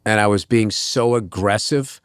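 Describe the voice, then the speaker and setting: A man's voice: lowish voice, a little slow, smooth, no room sound, studio quality. A middle-aged man, a comedian guest, telling rambling, profane anecdotes in a casual interview. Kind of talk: casual storytelling.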